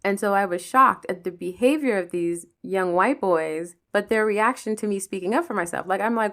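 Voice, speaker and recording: A woman from Pennsylvania hosting a podcast, telling personal stories in a casual, animated way, swearing freely and acting out the people involved. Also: medium pitch, normal speed, hardly any pauses. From Pennsylvania, USA. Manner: animated, profane, acts out the people in her stories. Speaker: podcast host. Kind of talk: casual storytelling monologue.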